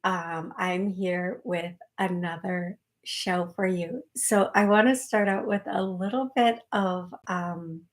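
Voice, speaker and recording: A woman's voice: fairly low pitch, steady tone, slow pace, few pauses. Woman, psychic show host, live call-in chat, rambling, filler-heavy. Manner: chatty and rambling, many fillers and restarts.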